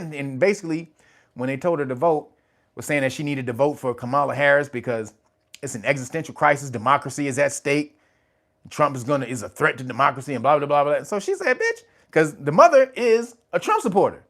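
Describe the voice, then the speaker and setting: A man's voice: on the high side, expressive, fairly quick, fairly bright tone. A man hosting his own channel, giving casual, profane commentary and laughing often as he tells stories. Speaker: channel host.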